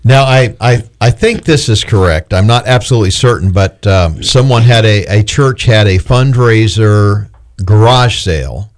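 A man's voice: on the low side, normal speed. A man hosting a radio show, chatting casually in the studio with many restarts and chuckles.

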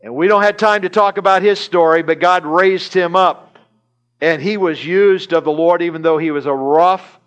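A man's voice: high-pitched, normal speed, a bit bright, clear, resonant tone, dull audio. A man preaching a sermon in church, retelling a scripture story animatedly with chuckles and repeated phrases. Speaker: pastor. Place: church service.

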